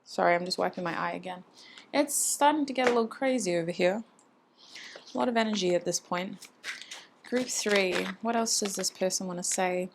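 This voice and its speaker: A woman at a middle pitch gives a casual tarot reading straight to camera. She talks in a chatty, intimate way, thinking out loud and speaking fondly to her viewers. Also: moderate pace, noisy background. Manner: muses aloud, voices channeled messages. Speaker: tarot reader.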